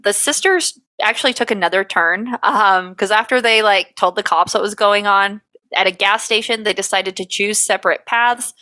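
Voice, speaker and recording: A woman's voice: medium pitch, pushed and bright, no room sound. A young adult woman co-hosting a podcast, reading case notes aloud with fillers and little laughs. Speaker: podcast co-host.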